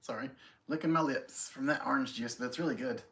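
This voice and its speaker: At home on a casual live stream, a man greets viewers by name and reads their comments, chatting in a friendly, self-deprecating way. His voice is medium-pitched, brisk, and a bit bright.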